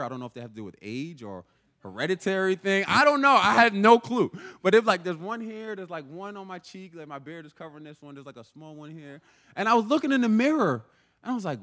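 Young male preacher, casual sermon delivery, slightly higher voice, lively. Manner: animated, conversational, often asks "right?".

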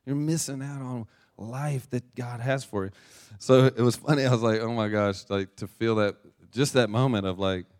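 A man's voice: medium pitch, normal speed, a little mellow. A male pastor telling a personal story in a casual, chatty sermon and reading from scripture, with frequent restarts.

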